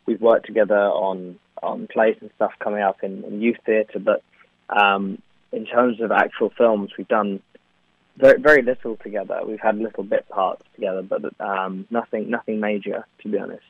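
A man's voice: lowish voice, level tone, normal speed, gravelly, slightly rough, dry recording. Young man, English accent, actor guest, chatty, laughs a lot, phone-quality line. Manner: chatty, laughs often, many fillers. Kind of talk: remote interview. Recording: tinny phone-like line, dry.

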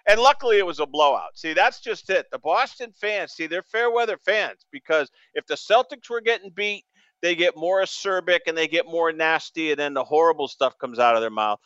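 A man from New England hosting a sports radio show, rambling excitably with stammering restarts. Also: fairly high pitch, brisk, no room sound, muffled recording.

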